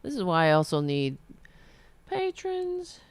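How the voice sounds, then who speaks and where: A woman's voice: lowish voice, wildly swooping pitch, measured pace, no room sound. A woman hosting her own political commentary show, ranting angrily with sarcasm and plenty of swearing. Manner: profane, sarcastic and indignant. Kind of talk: angry political rant to camera.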